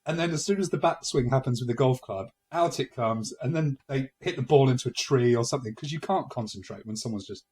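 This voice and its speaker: A man's voice: mid-range voice, fairly quick, hardly any pauses, a little mellow. A man in his forties co-hosting a casual comedy podcast, telling self-mocking stories and often laughing at them. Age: 40s. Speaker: podcast co-host.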